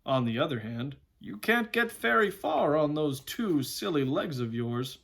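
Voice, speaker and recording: A man's voice: a little high, big pitch swings, a little slow, vocal fry, fairly bright tone, heavily acted. A man voicing a proud, stern talking male war horse in a storybook read-aloud, lofty and scornful of humans.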